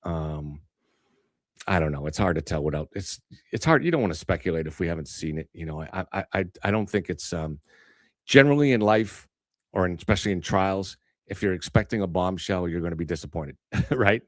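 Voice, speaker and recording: A man hosting a live stream, chatting in a measured way and repeating words as he starts. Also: low-pitched, animated, no echo. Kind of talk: casual chat.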